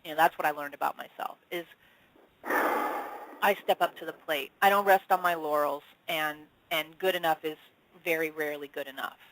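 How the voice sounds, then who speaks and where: A woman, a spiritual channel, telling her story as an interview guest with animated delivery, swearing casually and acting out the dialogue. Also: normal speed, slight background noise, poor audio. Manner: expressive, casual swearing, acts out dialogue with big pitch swings.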